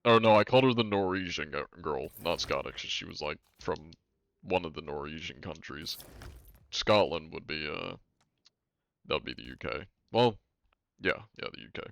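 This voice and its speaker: A deep-voiced man chatting casually while live-streaming a game, laid-back and wry, swearing offhandedly. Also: lively intonation, moderate pace, creaky, fairly bright tone, no echo.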